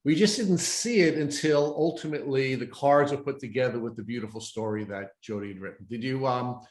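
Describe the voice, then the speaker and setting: A man's voice: mid-range voice, brisk, few pauses, a little mellow. A man hosting a podcast interview, asking a long, thoughtful question with some hesitation. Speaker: podcast host. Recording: roomy echo.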